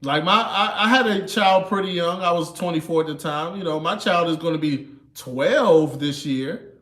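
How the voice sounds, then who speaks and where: Man in his thirties, casual livestream talk, laid-back chuckling delivery, fairly high voice, roomy echo. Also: normal speed, fairly bright tone. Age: 30s. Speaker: livestream host.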